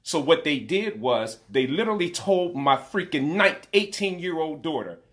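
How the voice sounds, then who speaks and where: A man's voice: a little high, lively intonation, normal speed, a bit bright. A man in his forties, a parent speaking out in an impassioned vlog, indignant and emphatic, repeating key phrases. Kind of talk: impassioned direct-to-camera vlog.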